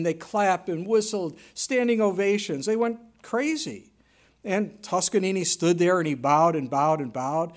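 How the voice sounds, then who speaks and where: A high-voiced man preaches a sermon as a pastor, swinging from loud, emphatic lines to hushed ones that are nearly whispered.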